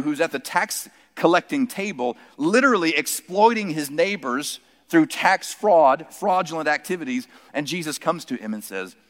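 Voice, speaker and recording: A male preacher giving a sermon, telling stories and dropping to soft, emphatic quotes. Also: a little high. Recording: long reverb from a large hall.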